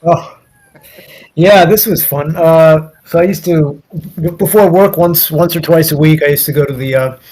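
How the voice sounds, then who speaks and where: A man from the United States tells a story as an interview guest, his voice a little high and husky. He rambles, restarts and acts out both sides of a conversation. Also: fairly even intonation, normal speed, darkish tone, low-quality recording. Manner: rambling anecdote with many restarts and quoted dialogue. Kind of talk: casual storytelling.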